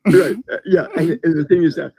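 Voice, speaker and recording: Husky-voiced American man, halting. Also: a little high, fairly even intonation, mellow, dry recording. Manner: halting, repeats words as he starts sentences. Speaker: guest. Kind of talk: casual conversation. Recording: dull lo-fi recording.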